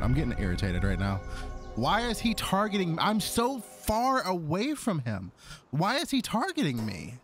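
A man's voice: fairly high pitch, huge pitch swings, measured pace, over music. A man narrating his own gameplay as a gaming YouTuber, exasperated, talking to his creature companion. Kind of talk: Let's Play commentary.

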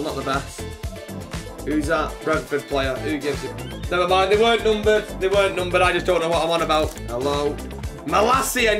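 High-voiced lad opening card packs, swears a lot, loud music behind him. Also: male voice. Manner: swears a lot, shouts when excited, mutters when cards are poor. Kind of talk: excitable card-opening commentary.

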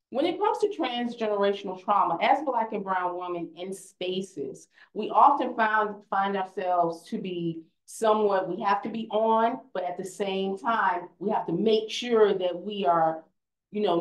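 A woman's voice: mid-range voice, roomy sound, low-quality recording. A young woman speaking on a conference panel, earnest and conversational, often restarting her sentences.

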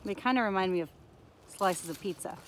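A woman's voice: medium pitch, fairly quick, a little hiss or hum. Woman teaching kids on a forest walk. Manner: curious, questioning, talks to viewers directly. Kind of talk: outdoor nature lesson for children. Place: forest trail outdoors.

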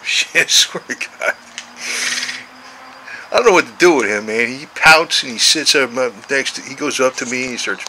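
Rambling, cussing man in his sixties, bright tone. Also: medium pitch, slight background noise, low-quality recording. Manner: meandering, profane, coaxing talk to the cat. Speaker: vlogger, cat owner. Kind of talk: rambling casual chat to his cats.

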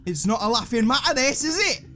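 A man's voice: very high-pitched, very animated, a little fast, background noise. A man giving jumpy, sarcastic, swearing commentary while playing a horror video game. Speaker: gaming channel host.

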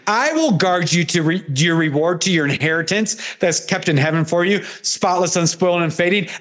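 A man's voice: high-pitched, fairly bright tone. A man speaking as God, giving tender and earnest promises of love to a sinner in long run-on phrases.

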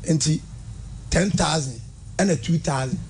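A man with a Ghanaian accent, telling stories in an animated, casual radio chat and mixing English with Twi. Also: fairly high pitch, slow pace, a little hiss or hum. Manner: animated storytelling, switching between English and Twi.

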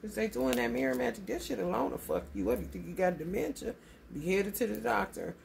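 A woman's voice: mid-range voice, sing-song, brisk, creaky, a little mellow, slight background noise. A woman giving a casual tarot reading, blunt and profane, calling her listeners honey. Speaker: tarot reader.

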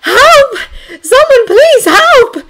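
Woman reader doing a young aristocratic lady, spirited, theatrical, high breathless cries, storybook reading. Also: big pitch swings, slow pace, fairly bright tone, heavily acted. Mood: alarmed.

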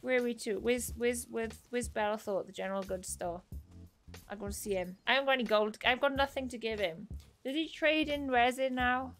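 A woman's voice: on the high side, a little fast, a bit bright, faint music behind. A young woman chatting casually while streaming a game, thanking viewers by name and laughing at her own confusion. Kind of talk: casual live-stream chat while playing.

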